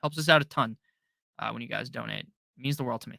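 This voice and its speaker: A man hosting a casual live-stream Q&A, reading viewer questions aloud and answering them quickly with jokes. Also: medium pitch, vocal fry, bright, forceful tone, no echo, clean studio sound. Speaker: fantasy football stream host.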